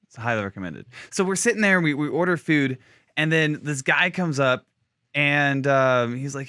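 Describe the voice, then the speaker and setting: A man's voice: mid-range voice, normal speed, smooth, no room sound, clean studio sound. A man on a podcast telling a story in a casual, profane way, acting out the people in it. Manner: animated, profane, acts out other people's voices. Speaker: podcast co-host.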